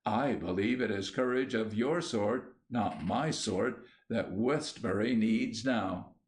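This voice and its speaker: A man's voice: lowish voice, slow pace. A man voicing an earnest, troubled younger man who speaks in an urgent, pleading way.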